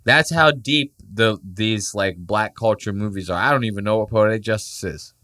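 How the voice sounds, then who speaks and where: This Puerto Rican-heritage man hosts a casual podcast in a lowish voice at a moderate pace. Profane and animated, he cracks jokes and imitates the voices he quotes.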